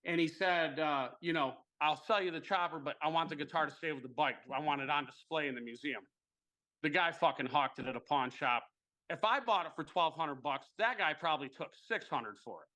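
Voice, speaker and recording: A young man telling a long story in casual chat, animated and swearing freely. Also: a little high, a little fast.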